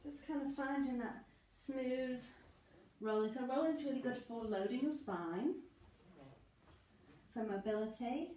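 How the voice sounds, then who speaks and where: A woman's voice: on the high side, measured pace, dark tone. A woman instructor guiding a movement class, encouraging and playful, often laughing through the moves. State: a little out of breath. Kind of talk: guided exercise class instruction. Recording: echoey room, mic far off.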